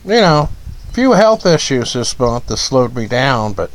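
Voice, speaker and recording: A man's voice: medium pitch, sing-song, unhurried, poor audio. A man from Ohio hosting a casual livestream from his front porch, rambling, chuckling often and greeting viewers by name. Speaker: livestream host.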